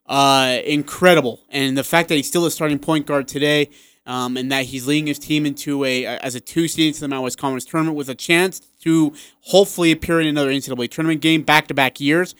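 A man co-hosting a sports radio show, talking in a casual, excitable way and acting out what people said. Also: on the high side, fast talker, clean tone, dry recording, studio quality. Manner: excitable, animated storyteller who acts out quotes.

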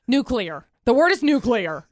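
A woman co-hosts a radio show from the studio, bluntly pushing back on her partner with firm opinions. Her voice is high. The studio microphone sound is dry and close. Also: sing-song, fairly bright tone, dry recording. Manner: blunt, opinionated, quick to object. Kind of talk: casual morning radio banter.

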